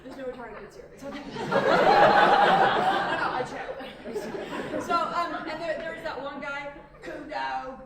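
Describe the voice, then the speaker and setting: A woman's voice: sits high, unhurried, recorded from a distance, crowd noise, noisy background. A woman performing a gushing, self-absorbed fashion-industry woman in a solo stage comedy, rambling and giggling breathlessly. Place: theatre stage. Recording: echoey theatre, recorded from afar.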